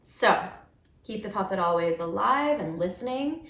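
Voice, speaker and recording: Her mid-range voice has lively intonation, a slightly slow pace, and a somewhat bright quality, and the sound is roomy. Showing kids and parents how to make puppets and give them voices, she stays cheerful and supportive, demonstrating while she talks them through it.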